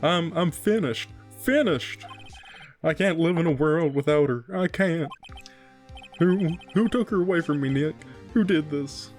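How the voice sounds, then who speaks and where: A man voicing a hungover, despairing young man in a video game play-through, wailing in a drawn-out delivery. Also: a little high, soft background music, voice pushed up, natural voice.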